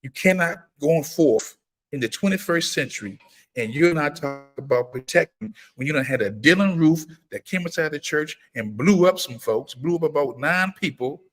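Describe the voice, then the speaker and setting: A man hosting a casual livestream, talking in a preacherly, emphatic way and repeating his points. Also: normal speed. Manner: breaks into high-pitched excited exclamations when greeting viewers. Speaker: firearms trainer and livestream host. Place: gun laws in Maryland.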